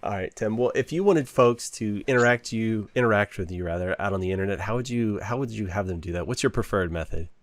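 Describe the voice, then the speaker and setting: A male podcast host who asks short, simple questions. His voice sits fairly low, and it sounds dry, with no room echo. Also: quick pace, hardly any pauses. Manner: brief interjections and short questions. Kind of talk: interviewing.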